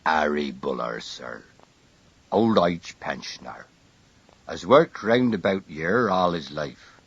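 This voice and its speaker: A man putting on a stiff, wooden village constable who reports in a deep, clipped voice. He is sulky and formal, with a husky tone. The recording is dry and slightly muffled. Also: expressive, takes it slowly, heavily acted.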